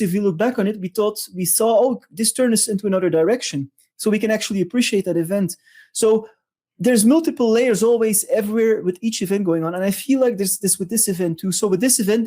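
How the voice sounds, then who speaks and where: A co-host in a casual chat, reflective and halting, often searching for words. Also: mid-range voice, dark tone. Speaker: podcast co-host.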